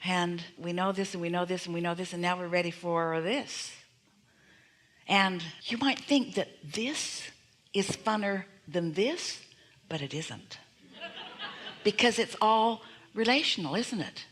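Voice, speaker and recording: A woman's voice: fairly low pitch, unhurried, fairly bright tone. A woman teaching a live seminar audience, speaking as "we", with emphatic repeated affirmations and frequent rhetorical questions.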